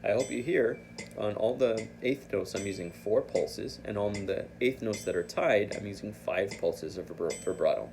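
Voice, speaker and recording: A man's voice: on the low side, normal speed, vocal fry, a little mellow, faint music behind. A man teaching flute, explaining an etude patiently and thinking aloud as he corrects himself. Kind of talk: instructional explanation.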